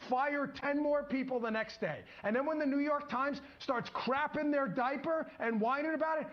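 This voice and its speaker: High-pitched urgent man on lo-fi clip. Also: moderate pace. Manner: urgent, pleading, indignant. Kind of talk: impassioned political speech. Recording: lo-fi played clip.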